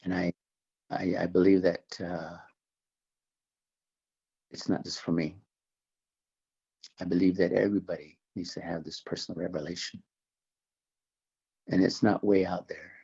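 Gravelly low-voiced man giving earnest testimony. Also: flat delivery, dark tone, highs cut off. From Navajo Nation, American Southwest. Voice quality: gravelly, husky. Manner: earnest, halting with repeated restarts. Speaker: interview guest. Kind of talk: religious testimony interview.

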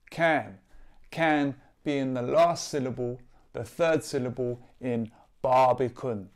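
A man, a poet leading a friendly, upbeat rhyming warm-up for young writers, explaining each task clearly. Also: on the high side. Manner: upbeat, clear teacher-like explanations with example rhymes. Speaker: poet and workshop leader. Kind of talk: instructional video for young writers.

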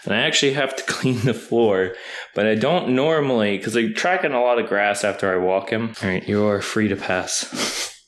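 A man making a casual home vlog at night, playfully scolding his dog and jumping into a high sing-song voice. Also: moderate pace, fairly bright tone. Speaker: vlogger. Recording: echoey room, voice far from the mic, faint noise.

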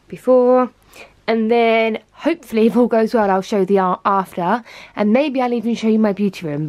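A woman's voice: medium pitch, a little mellow. A woman chatting casually in a home vlog, rambling and self-mocking as she talks. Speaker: vlogger. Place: home walk-in closet.

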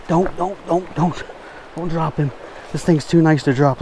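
Excited man fishing by a stream. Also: fairly high pitch, measured pace. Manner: exuberant, repeats himself, shouts with excitement. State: out of breath. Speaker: fishing vlogger. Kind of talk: excited outdoor vlog narration. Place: outdoors by a stream. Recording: faint stream noise outdoors.

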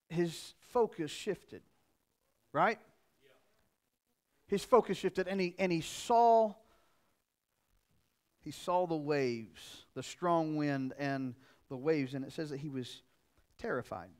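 A middle-aged man pastor preaching a sermon, earnest and repetitive, swinging from loud emphasis to quiet asides. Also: fairly high pitch, takes it slowly, pauses often.

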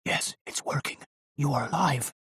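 A man playing an old scheming sorcerer, hushed. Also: fairly low pitch, fairly quick, gravelly, breathy edge, no room sound, clean studio sound, heavily acted. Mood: hushed, commanding. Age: over 60. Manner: hushed, commanding, pompous.

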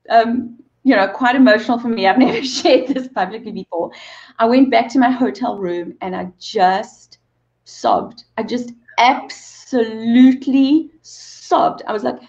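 A woman in her forties, a movement coach appearing as an interview guest, tells an emotional personal story with earnest, repeated phrases and some laughter. Her voice is fairly high with a darkish tone and a measured pace, and the sound is lo-fi.

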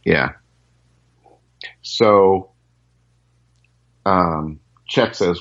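Deep-voiced man telling rambling stories. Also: a little slow, dull audio. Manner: rambling anecdotal, many fillers and restarts. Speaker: session guitarist guest. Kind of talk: casual storytelling interview.

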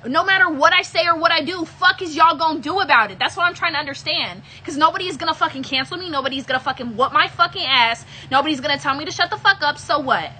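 A young-sounding woman with a high, bright voice rants to her livestream viewers. She is irritated, swears heavily and repeats herself as she vents. The sound is a casual home stream. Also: fast, hardly any pauses, a little hiss or hum, poor audio. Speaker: livestream host. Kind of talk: angry rant to live viewers.

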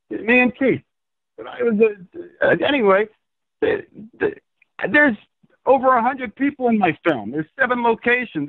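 This is a man with a high voice who tells stories in an excitable, swearing rush. His pitch leaps up and down constantly. The sound is tinny and dry, like a call taken over a phone line. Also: vocal fry, no echo. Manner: animated, excitable, profane storyteller. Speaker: filmmaker guest. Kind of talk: phone interview.

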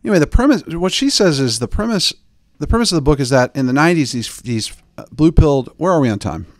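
A male podcast host talks in a loose, joking ramble full of "like" and restarts. His pitch swings widely as he tells stories. The sound is close and dry, with no room around it. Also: sing-song, fast, no room sound. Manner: rambling, joking, filler-heavy. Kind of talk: casual chat.

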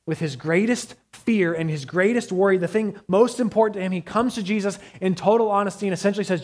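A man preaching a sermon as pastor, earnest, moving between hushed quiet passages and raised urgent ones. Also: high voice, fast, few pauses.

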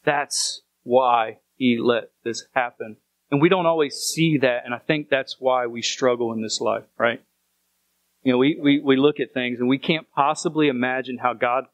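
A man's voice: medium pitch, steady tone, normal speed, no room sound, poor audio. A man preaching a sermon as pastor, speaking earnestly and repeating phrases for emphasis.

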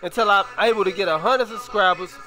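A man's voice: sits high, fast talker, bright, forceful tone, faint music behind. A young man from Chicago with a Chicago accent, chatting casually on his stream in slangy, profane talk full of drawled repeats.

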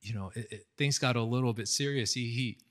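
A brisk, mid-range male voice belongs to an American pastor in his thirties. He delivers a casual sermon as animated storytelling, full of fillers and acted-out quotes. It's an indoor online seminar recording.

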